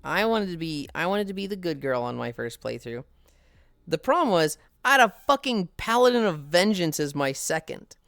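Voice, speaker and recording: A woman's voice: lowish voice, expressive, moderate pace, vocal fry, no room sound, clean studio sound. A woman streamer chatting casually with viewers, swearing freely and laughing often.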